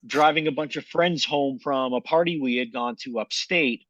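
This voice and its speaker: A man's voice: medium pitch, moderate pace, a bit bright, no room sound, dull audio. A man co-hosting a podcast, telling a rambling story in casual chat and acting out quotes. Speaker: podcast co-host.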